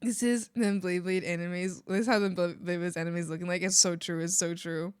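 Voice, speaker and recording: A woman streamer chatting casually to her viewers, excitable and rambling, laughing often. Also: fairly low pitch, a little fast, clean tone. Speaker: art streamer. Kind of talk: casual live-stream chat.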